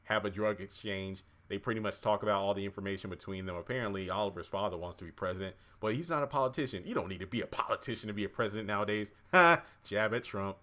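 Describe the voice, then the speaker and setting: A man casually recapping a TV episode, chatty and excitable, cheering and exclaiming at the scenes. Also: fairly low pitch, fast, few pauses. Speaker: TV episode reviewer.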